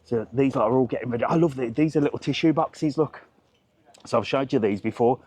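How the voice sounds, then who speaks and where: A man's voice: mid-range voice, brisk, darkish tone, breathy edge, no room sound. A middle-aged man, vlogging as he walks through an outdoor market, chatty and ranting, laughing often. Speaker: travel vlogger. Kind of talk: casual walking vlog chat. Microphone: clip-on mic, later removed.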